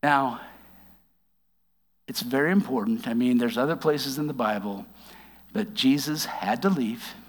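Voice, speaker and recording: A man giving a conversational sermon, reading scripture aloud and explaining it with wry asides, slowing down for emphasis. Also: mid-range voice, husky, big-room sound. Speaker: preacher.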